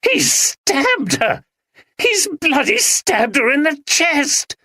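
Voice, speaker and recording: A man's voice: high voice, lively intonation, a little slow, bright, forceful tone, no echo, clean studio sound, pitched above the performer's own voice, exaggerated voice. Brief: urgent man barking orders in a storybook crisis, read by a male narrator. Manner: urgent, commanding. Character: take-charge man urging others in a crisis.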